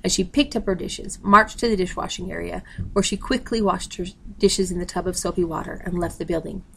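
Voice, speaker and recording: A woman's voice: lowish voice, steady tone, a little fast, gravelly, a little hiss or hum, rough recording. A woman steadily reading a novel aloud, announcing page numbers. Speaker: audiobook reader.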